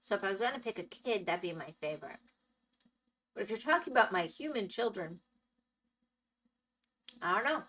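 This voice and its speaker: Bright-voiced woman streamer chatting casually. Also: medium pitch, animated, normal speed, long pauses, far from the mic. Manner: chatty, answers chat and thinks aloud while playing. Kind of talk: casual live-stream chat while gaming.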